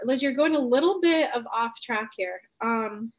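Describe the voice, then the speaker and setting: A woman's voice: fairly high pitch, lively intonation, measured pace. A woman life coach on a live stream, answering viewers by name and speaking bluntly and earnestly, with casual swearing.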